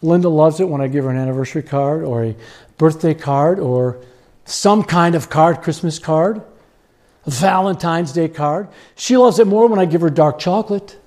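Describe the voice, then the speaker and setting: A man preaching a sermon with animated storytelling, chuckling often as he talks. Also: a little high, moderate pace.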